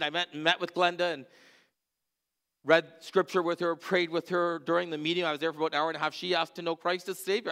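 A man preaching as a church pastor, telling stories in an earnest way and dropping to a hushed voice at moving moments. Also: a little high. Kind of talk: sermon storytelling.

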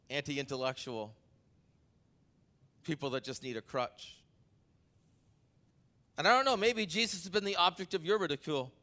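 A man preaching a sermon as pastor, talking conversationally through an anecdote, building to emphatic peaks and then dropping low. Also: bright, forceful tone.

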